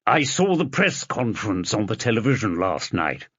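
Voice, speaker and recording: A man's voice: on the low side, very animated, moderate pace, fairly bright tone, breathy edge, dry recording, highs cut off, full character voice. A man voicing an oily, fawning older male judge who talks in a wheedling, ingratiating way.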